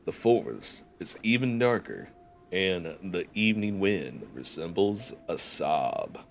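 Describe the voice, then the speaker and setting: A young man from Georgia with a Southern US accent, a streamer who chats casually and reads a game story aloud slowly. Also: deep voice, sing-song, gravelly, faint music behind. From Georgia, USA. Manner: chatty, joking, slow and deliberate when narrating.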